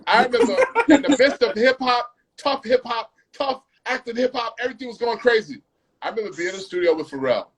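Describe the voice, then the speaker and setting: A man, a music producer, telling studio stories in a casual, animated way, repeating phrases and humming melodies. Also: very high voice, fairly quick, breathy edge. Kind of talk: casual storytelling.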